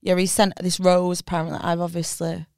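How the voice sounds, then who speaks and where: A woman's voice: fairly low pitch, flat delivery, a little fast, gravelly, darkish tone, clear, resonant tone, dry recording, clean studio sound. A woman, a comedian, telling an anecdote in casual chat and acting out what others said. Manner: chatty, acts out what others said. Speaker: stand-up comedian and podcast guest.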